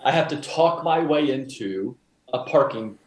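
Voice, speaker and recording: A man co-hosting a casual podcast, telling stories in an animated, self-defending way. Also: mid-range voice, measured pace, background noise. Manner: animated storyteller, defending himself. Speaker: podcast co-host. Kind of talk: casual chat. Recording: roomy echo.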